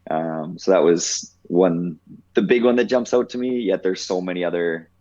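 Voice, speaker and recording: A man in his thirties speaks with a very low, deep voice, telling stories in a relaxed, reflective way and leaning on "like" as he thinks. The audio is slightly muffled and dull, like a lo-fi podcast recording. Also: moderate pace. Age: 30s. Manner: reflective, heavy use of "like". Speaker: podcast guest. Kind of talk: casual storytelling.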